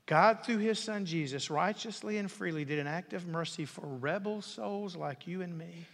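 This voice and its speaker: High-voiced preacher in a reverberant hall. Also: male voice, moderate pace. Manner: dramatic swings from loud to whispered. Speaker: pastor. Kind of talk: sermon. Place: church sanctuary. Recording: long reverb of a large hall.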